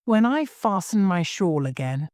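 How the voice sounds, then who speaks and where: A woman voicing a fussy, scatterbrained old queen who talks in a high, fluttery way and breaks into wailing cries. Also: big pitch swings, a little slow, darkish tone, dry recording, studio quality.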